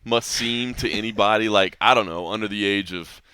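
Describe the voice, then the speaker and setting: A man's voice: fairly low pitch, moderate pace, sharp tone, clear, resonant tone, no room sound, clean studio sound. A middle-aged man co-hosting a podcast, talking in a laid-back, casual way, full of "like" and "man," and laughing easily. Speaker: podcast co-host. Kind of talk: casual chat.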